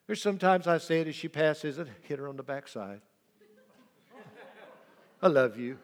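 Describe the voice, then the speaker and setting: Man preaching, gravelly, slightly high voice, loud then whispered, long hall reverb. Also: fast. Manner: impassioned preaching, swings from loud cries to soft whispers. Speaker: pastor. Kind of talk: sermon.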